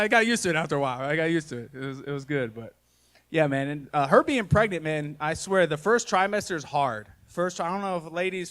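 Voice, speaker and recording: Onstage at a live comedy show, a man in his thirties who does stand-up and hosts a podcast shares self-deprecating, folksy family stories full of "y'all" and "man." His voice is a little high and a bit bright.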